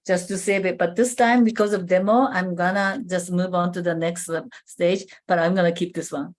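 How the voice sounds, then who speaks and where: A woman giving a live skincare demonstration over a video call, explaining step by step in a halting way with many fillers and restarts. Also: on the low side, steady tone.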